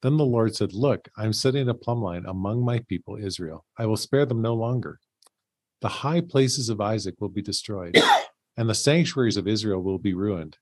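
A man with a husky, fairly low voice reads scripture aloud in a plain, steady way. The recording is dry, with no room sound around him. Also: normal speed, no room sound, poor audio. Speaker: Bible study co-host and reader. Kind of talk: casual Bible discussion and scripture reading.

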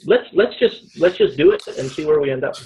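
A man's voice: on the high side, expressive, fairly quick, mellow, muffled recording, slight background noise. A man co-hosting a podcast who mostly adds short, dry remarks. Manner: brief, dry interjections. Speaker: podcast co-host.

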